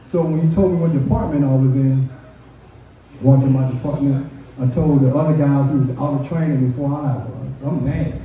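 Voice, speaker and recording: A man performs profane stand-up at a brewery, telling a work story and acting out the quotes in a mellow, medium-pitched voice with fairly even intonation and a moderate pace. The sound is dull and echoey, recorded from across the room.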